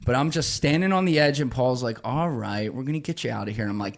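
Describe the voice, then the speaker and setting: Young guy, podcast guest. Animated storyteller, swears freely, breaks into shouted quotes. Middle-pitched voice. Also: fast talker, creaky, hardly any pauses. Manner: profane, acts out quotes with sudden shouts. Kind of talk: animated storytelling in casual conversation.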